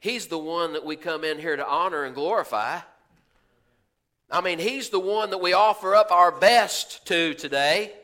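Bright high-voiced folksy preacher man. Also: normal speed. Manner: folksy, preaching with rhetorical questions and asides; acts out quoted voices of churchgoers. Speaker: pastor. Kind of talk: sermon.

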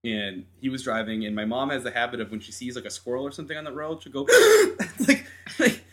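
Animated man telling a story. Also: medium pitch, fast. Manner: animated storyteller, laughing, acting out voices. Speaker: podcast co-host. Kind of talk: casual podcast chat.

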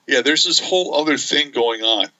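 A man co-hosting a casual podcast, talking in halting, stop-start phrases and speaking about things he loves with enthusiasm. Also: mid-range voice, expressive, sharp tone, dull audio. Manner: halting, many fillers and restarts, enthusiastic. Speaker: podcast co-host. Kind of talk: casual chat.

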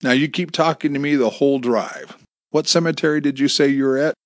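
A man's voice: mid-range voice, fairly even intonation, brisk, no room sound, pitched above the performer's own voice, lightly acted. A man doing a taunting sarcastic kidnapper. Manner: taunting, mocking, cruel. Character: menacing sarcastic male kidnapper on phone.

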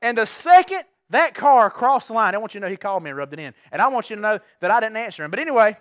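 Animated high-voiced preacher, bright and dry. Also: male voice, racing, no room sound. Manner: animated storytelling, swings from quiet to shouting. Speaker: pastor. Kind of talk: sermon. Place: church.

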